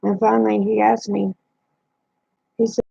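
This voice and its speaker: A woman's voice: mid-range voice, level tone, moderate pace, vocal fry, mellow, slightly rough, no room sound. A woman hosting a livestream, telling a personal story in a plain-spoken way and retelling the dialogue. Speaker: livestream host. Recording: dull lo-fi dry sound.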